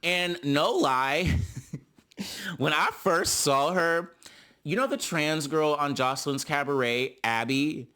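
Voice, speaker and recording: A man's voice: slow pace, pushed and bright. A man giving a sassy, gossipy recap of a reality TV episode, calling his listeners honey and girl. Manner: mimics cast members in high voices. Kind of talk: casual recap commentary.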